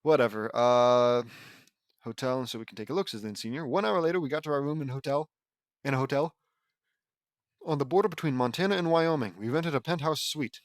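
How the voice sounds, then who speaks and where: A man's voice: mid-range voice, a little fast, dry recording. A man reading his own fan fiction aloud as a casual audiobook, breaking off for joking, sarcastic asides into a close home microphone. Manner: joking, sarcastic asides between read lines. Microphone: close home mic.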